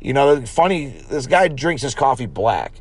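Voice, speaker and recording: A man's voice: mid-range voice, moderate pace, breathy edge. A man co-hosting an improvised comedy podcast, rambling and swearing his way through fake product talk. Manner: rambling, profane, deadpan fake-ad delivery. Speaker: podcast co-host.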